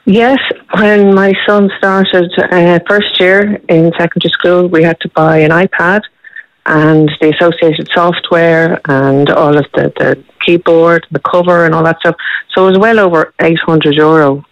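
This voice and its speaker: A woman's voice: fairly low pitch, fairly even intonation, unhurried, dry recording. A woman, a parent calling into a radio show, speaking in a matter-of-fact and slightly hesitant way. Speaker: caller, parent. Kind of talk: radio phone-in interview. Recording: dull phone line.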